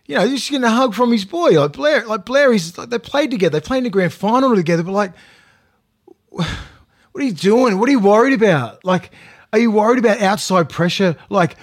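Blunt Australian man ranting. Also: a little high. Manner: blunt, swears a lot, ranting. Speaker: current player and co-host. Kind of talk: casual sports podcast chat.

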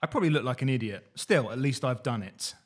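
A man's voice: medium pitch, fast, slightly rough. Dry, sweary man reading his diary. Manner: dry, sweary deadpan delivery. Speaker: podcast co-host reading old diaries. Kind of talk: casual chat and diary reading.

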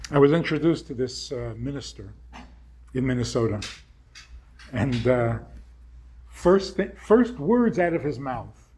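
A man's voice: mid-range voice, lively intonation, measured pace, long pauses, darkish tone, a little hiss or hum. A man giving a sermon-like talk, firing off rhetorical questions in short punchy phrases.

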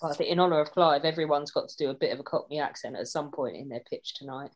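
A woman's voice: low voice, quick pace. Teasing woman heard from the audience. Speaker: audience member. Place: room with a small live audience.

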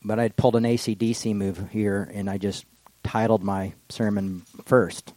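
A man preaching a casual, rambling sermon that slows for solemn readings. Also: on the low side, flat delivery, dark tone, no echo, rough recording. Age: adult with children. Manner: casual and digressive, slows down for quotations. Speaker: pastor. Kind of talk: informal sermon.

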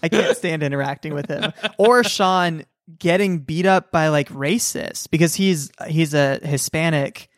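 A woman co-hosting a casual chat about video games, animated and rambling, laughing often. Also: low voice, measured pace, hardly any pauses, no room sound, studio quality. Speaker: podcast co-host.

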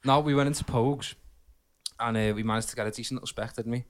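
A man's voice: medium pitch, steady tone, fast. Giggly podcast man. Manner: laughs often, tells drunken pub stories. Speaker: podcast co-host. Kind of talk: casual banter with friends.

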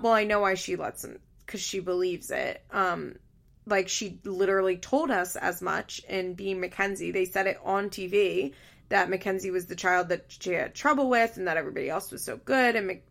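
A woman's voice: medium pitch, moderate pace, gravelly, pushed and bright. A woman giving casual, blunt commentary on a reality show, swearing often and sharing her opinions.

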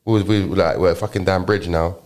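A man's voice: sits low, fairly even intonation, fairly quick, darkish tone. A young man with a London accent tells a story in loose, casual chat. He leans on slang and keeps restarting his sentences. The delivery is rambling and unpolished.

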